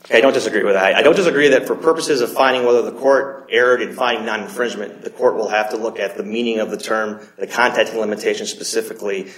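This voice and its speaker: A man's voice: lowish voice, fairly even intonation, a bit bright. Man arguing an appeal in an echoing courtroom. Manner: measured, with frequent restarts and hedged legal phrasing. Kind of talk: courtroom oral argument. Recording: roomy courtroom echo.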